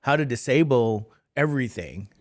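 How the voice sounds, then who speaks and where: A man's voice: mid-range voice, expressive, moderate pace. A middle-aged man teaching math in a casual lecture, tired and rambling, with chatty self-deprecating asides. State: tired, sleepy.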